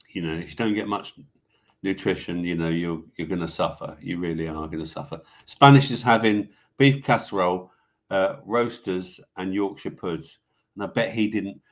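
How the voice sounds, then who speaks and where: A man with a somewhat low voice hosts a casual live stream. He rambles through viewer comments in an offhand, loose way, with swearing thrown in. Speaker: live show host reading viewer comments. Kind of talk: casual livestream chat.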